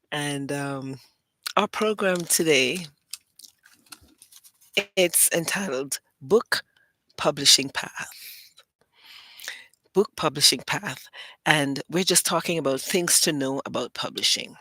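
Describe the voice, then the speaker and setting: A woman's voice: low voice, measured pace, long pauses, fairly bright tone, dry recording. A woman hosting her own livestream show, talking in a casual, rambling and playful way. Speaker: host and publisher.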